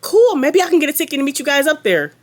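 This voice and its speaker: A woman putting on a high, sing-song voice to mock a clingy, overeager young woman. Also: very animated, fast, a little hiss or hum. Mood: sugary, pushy.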